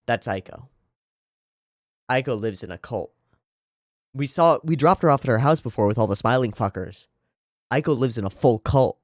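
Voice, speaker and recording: Animated, chatty man reading a manga. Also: medium pitch, fairly quick, dry recording, studio quality. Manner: chatty, animated, swears casually. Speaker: manga reader and channel host. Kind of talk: reading a manga aloud with casual commentary.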